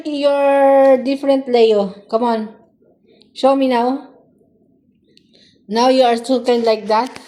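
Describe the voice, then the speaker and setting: A young woman with a Filipino accent talks to her pet in a high, bright-pitched voice. She scolds it slowly and unhurriedly, mock-stern and teasing, with repeated sing-song questions. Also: fairly even intonation. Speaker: vlogger.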